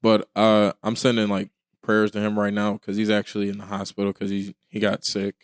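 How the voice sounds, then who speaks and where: Low-voiced man chatting loosely. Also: brisk, smooth, no echo, clean studio sound. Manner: relaxed, rambling, full of restarts. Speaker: podcast co-host. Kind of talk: casual chat.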